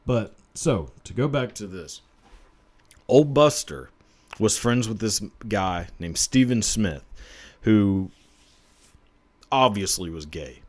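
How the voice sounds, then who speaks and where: A man's voice: lowish voice, animated, takes it slowly, pauses often. A young man, hosting a profane, rambling comedy chat about a true-crime story and laughing at his own jokes. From Texas. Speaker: podcast host.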